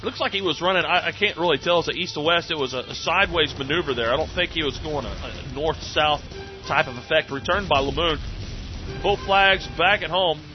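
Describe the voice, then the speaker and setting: Man, high voice, excitable jokey game play-by-play, muffled lo-fi recording with game music behind. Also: fairly quick. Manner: excitable, jokey, laughs often. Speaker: game commentator. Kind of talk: sportscaster-style play-by-play of a video game.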